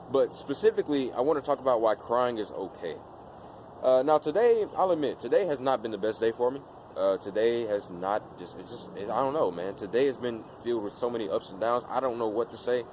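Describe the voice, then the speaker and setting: A man's voice: medium pitch, background noise. A man vlogging in casual talk to his camera, rambling with lots of fillers and restarts. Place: outdoors in daylight.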